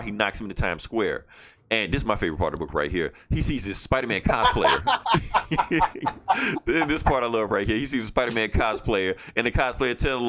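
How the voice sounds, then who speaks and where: A man's voice: fairly low pitch, a bit bright. A man hosting a podcast who casually retells a story, rambling and swearing freely. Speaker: podcast host. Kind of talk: casual chat.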